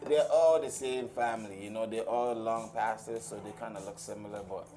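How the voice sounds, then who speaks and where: A man's voice: fairly low pitch, fairly even intonation, fairly quick, dark tone, faint music behind. A man with an American accent, a guest chef chatting casually in a TV studio, laid-back and easygoing. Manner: laid-back, easygoing, says "you know" a lot. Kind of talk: casual chat while cooking.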